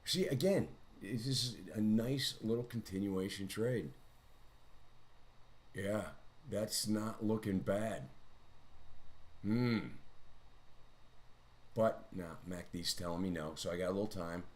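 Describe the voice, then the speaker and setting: Low-voiced rambling trading streamer man. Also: slow pace, pauses often. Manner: rambling, chatty, self-mocking asides. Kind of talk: casual live-stream market commentary.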